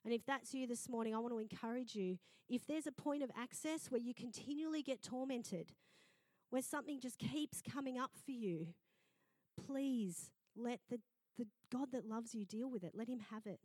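A middle-aged woman pastor, preaching a sermon in a lively storytelling manner. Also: on the high side, normal speed, no room sound. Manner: lively storytelling, acting out quoted voices.

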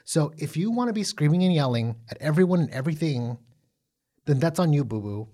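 A man co-hosting a casual recap chat, animated and profane, full of fillers and restarts. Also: a little high, fairly quick. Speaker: podcast co-host.

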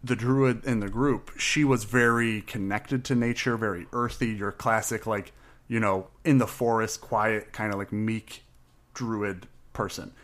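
A man's voice: on the low side, fairly even intonation, a bit bright. Rambling, jokey podcast co-host man. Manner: rambling, jokey, quick to laugh. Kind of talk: casual chat about a tabletop character.

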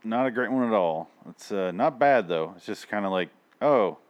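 A man co-hosts a casual podcast and reviews an old TV episode. His voice sits on the low side, and he talks in an animated way, swearing and mocking what he saw. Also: brisk, lo-fi sound. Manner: profane, sarcastic, animated. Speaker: podcast co-host.

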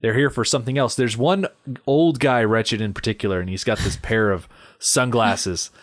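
A man's voice: on the low side, moderate pace. A man co-hosting a casual movie podcast, explaining background at length and acting out scenes. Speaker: podcast co-host.

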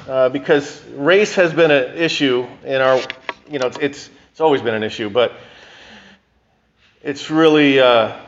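Male pastor, sermon, somewhat high voice, emphatic, conversational, dull lo-fi sound. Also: fairly bright tone. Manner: conversational, emphatic, frequent restarts.

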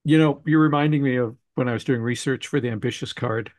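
A man hosting a podcast interview, telling a relaxed anecdote from his research. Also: mid-range voice, quick pace, dry recording. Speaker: podcast host, mystery author. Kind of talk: conversational interview.

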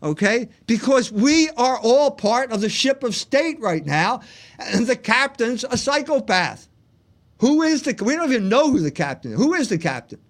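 A man hosting a livestream, delivering an emphatic monologue full of rhetorical questions that he answers himself. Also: high voice. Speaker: host and lecturer.

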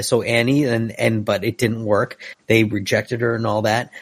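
A man with a low, husky voice talks loosely, doubling back and restarting his sentences. He is dry and close to the mic, with no room sound. It is an easygoing podcast chat. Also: level tone, normal speed, no echo. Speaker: podcast co-host.

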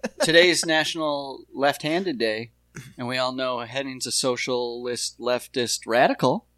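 A man co-hosts a comedy podcast, riffing in a loose, rambling way and breaking into laughs often. His voice sits at a middle pitch. The sound is dry and close, with no room around it. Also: measured pace, a bit bright, dry recording. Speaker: podcast co-host. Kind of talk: casual comedic chat.

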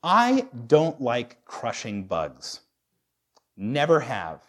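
A man's voice: medium pitch, wildly swooping pitch, very slow. Candid, stumbling male pastor. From United States. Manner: candid and self-deprecating, with frequent restarts. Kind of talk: sermon.

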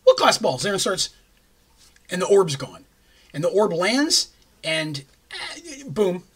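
Bright, husky-voiced man recapping a game. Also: sits high, sing-song, slow. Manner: rambling, jokey asides. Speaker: game master recapping a campaign. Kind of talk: casual tabletop campaign recap.

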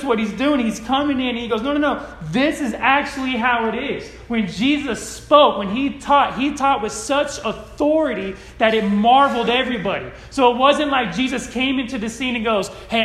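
A male pastor from California delivers a casual sermon with a high, light voice. He keeps it conversational and checks in with his listeners constantly. The room rings with echo around him. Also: a bit bright. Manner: conversational, tag questions "right?" often. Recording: echoey room.

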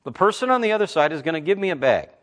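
A man in his fifties, a Christian talk host, telling stories and preaching in a blunt, emphatic, animated way. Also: on the high side, racing. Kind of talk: conversational preaching with storytelling.

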